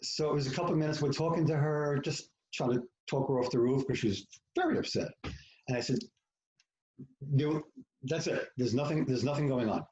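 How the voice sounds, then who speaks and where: A man's voice: on the high side, fairly quick, a little mellow, highs cut off, a little hiss or hum. Frank storytelling man in an echoey room. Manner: frank, profane, self-mocking, acts out quoted lines. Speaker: podcast guest, author. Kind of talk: candid storytelling in conversation.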